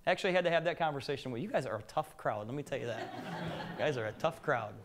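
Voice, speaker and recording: A man's voice: medium pitch, animated, fast talker. A middle-aged man giving a live business presentation to an audience, telling joking stories and putting questions to the room.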